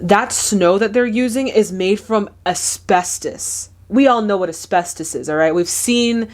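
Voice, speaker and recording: A woman's voice: medium pitch, a little slow, soft background music. A young woman hosting a movie reaction video, chatting casually with lots of fillers. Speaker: host of a movie reaction channel.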